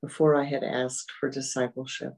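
A spiritual teacher giving a meditative dharma talk, gentle and repetitive, often fading to soft murmurs. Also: mid-range voice, flat delivery, moderate pace, low-quality recording.

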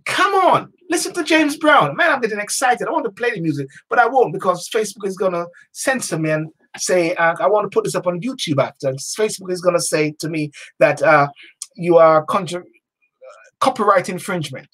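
A man hosting a talk show, giving a passionate motivational monologue in a preachy way, repeating slogans like chants and swinging from hushed to loud. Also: high voice, fairly quick.

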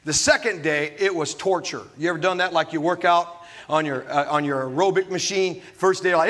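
Male pastor, animated preaching, quick jokes, high, ringing voice. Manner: animated preaching with humorous asides. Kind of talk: sermon.

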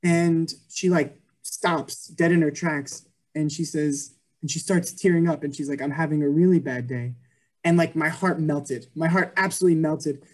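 A man's voice: fairly high pitch, fairly even intonation, moderate pace. A man in his twenties giving an earnest Christian testimony over a video call, with many ums and likes. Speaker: guest speaker.

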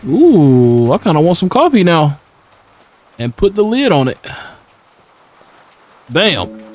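A man's voice: a little high, big pitch swings, slow, long pauses, a little mellow, slight background noise. Chatty young man narrating a game. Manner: chatty, slangy, laughs often, talks to game characters. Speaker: gaming YouTuber. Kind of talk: casual let's-play commentary.

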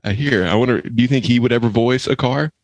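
A man's voice: medium pitch, fast, no room sound. A man co-hosting a podcast, chiming in with short joking asides. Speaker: podcast co-host. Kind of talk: casual chat.

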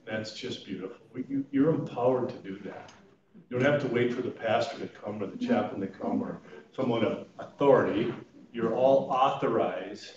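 Animated storytelling man in an echoey room. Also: mid-range voice. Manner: storytelling, animated, laughs at his own stories. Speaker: chaplain and funeral pre-planning consultant leading a class. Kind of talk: informal talk to a class. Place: church meeting room. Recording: echoey room, mic at a distance, dull sound.

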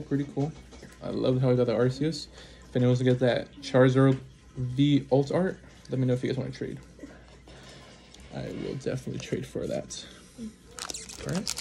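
A man giving casual unboxing commentary as he opens trading card packs, reading off cards one by one and breaking into excited exclamations and quick apologies. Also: medium pitch, gravelly. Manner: names cards one after another, bursts into excited exclamations, apologizes often. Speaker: trading card pack opener.

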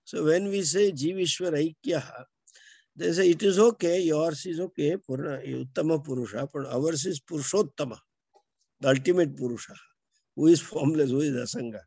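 An older man with an Indian English accent teaching scripture, explaining texts and slowly chanting Sanskrit verses line by line. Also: fairly high pitch, dark tone, slightly rough, no echo.

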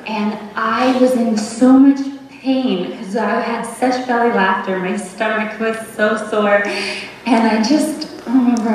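A young woman giving a tender, rambling memorial tribute, laughing softly between her thoughts. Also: on the high side, fairly even intonation, takes it slowly, a little hiss or hum. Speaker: daughter giving a eulogy. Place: memorial service hall. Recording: echoey hall, heard from far off.

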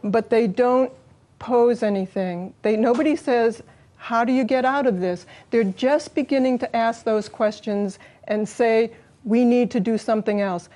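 A woman as an interview guest, explaining earnestly and quickly. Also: a little high, mellow. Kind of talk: studio interview.

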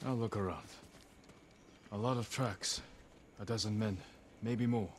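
A man's voice: lowish voice, fairly even intonation, unhurried, a little hiss or hum, natural voice. An actor playing a grave, terse young male samurai in a video game. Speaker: game character.

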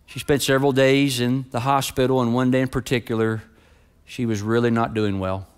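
A middle-aged man preaching a sermon as pastor. He starts with a quiet, subdued personal story and builds to loud, rising preaching. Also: medium pitch, little pitch movement, brisk, clear, resonant tone.

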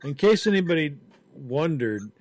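A man's voice: on the high side, sing-song, moderate pace, a little mellow. Joking guy chatting, voice jumps up and down a lot, bit of faint hiss behind. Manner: joking, acts out silly voices in his banter. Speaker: podcast co-host. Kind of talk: casual chat.

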